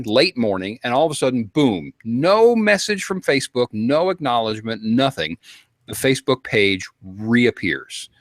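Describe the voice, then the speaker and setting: A man with a mid-range voice tells a panel a long story, casual and animated, acting out quotes and getting worked up. There is no room sound.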